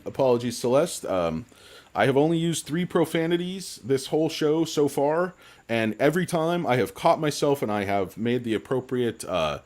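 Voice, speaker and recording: A man's voice: mid-range voice, a little mellow. A tipsy man hosting a casual livestream, rambling jokily and reading out chat names. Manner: rambling, jokey, reads chat aloud. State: tipsy from drinking. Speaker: livestream host.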